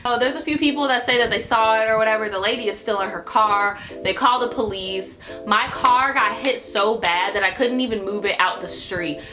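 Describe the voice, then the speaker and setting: A woman's voice: a little high, normal speed, hardly any pauses, pushed and bright. Brash, profane young woman telling a story. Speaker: YouTuber. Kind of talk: storytime vlog.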